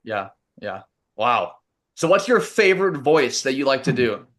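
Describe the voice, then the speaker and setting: A man's voice: medium pitch, very animated, unhurried, fairly bright tone. A man hosting a podcast interview, asking curious questions in a casual tone. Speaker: podcast host.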